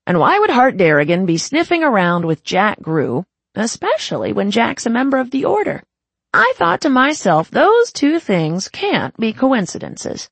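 A narrator voicing a smooth, mocking young gang boss in his twenties, with a lilting, showy delivery. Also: medium pitch, wildly swooping pitch, moderate pace, a bit bright, dry recording, voice pushed up, full character voice. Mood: taunting. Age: 20s. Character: smooth, taunting young male Italian-born gang boss.

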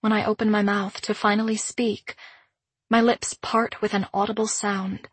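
A woman narrating a first-person audiobook in a measured, introspective way. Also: medium pitch, flat delivery, breathy edge, no echo.

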